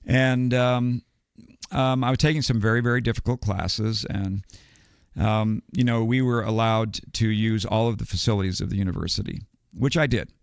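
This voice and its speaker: A man's voice: lowish voice, steady tone, moderate pace, gravelly, clean tone, no room sound, studio quality. An older man from the United States, a podcast guest telling a long story in a rambling, digressive way and chuckling between details. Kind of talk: casual storytelling.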